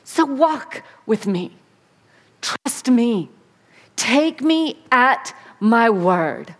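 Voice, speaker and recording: A woman's voice: fairly high pitch, very animated, drawn-out words, big-room sound, full character voice. God speaking blessing, voiced by a woman preacher. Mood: fervent. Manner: rising, fervent assurance.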